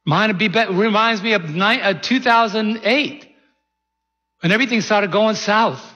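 A man's voice: high-pitched, moderate pace, bright, forceful tone, long reverb tail, muffled recording. A man preaching a sermon in a church, in a folksy, conversational way full of rhetorical questions. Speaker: pastor.

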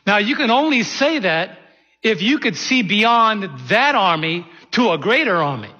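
A man's voice: sits high, very animated, a little slow, sharp tone, slightly rough, in a large hall, highs cut off. A man preaching a sermon in a church, in a folksy, conversational way full of rhetorical questions. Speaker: pastor.

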